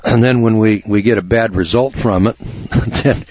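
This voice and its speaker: A man's voice: lowish voice, normal speed, a little mellow, lo-fi sound. A man hosting a talk radio show, rambling in a folksy, blunt way with lots of fillers and restarts.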